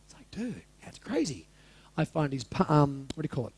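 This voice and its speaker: A man's voice: fairly high pitch, big pitch swings, brisk, darkish tone, husky, no echo. A man in his forties telling a personal story to a live audience in a candid, casual way, swearing freely and asking the room questions. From Australia. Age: 40s.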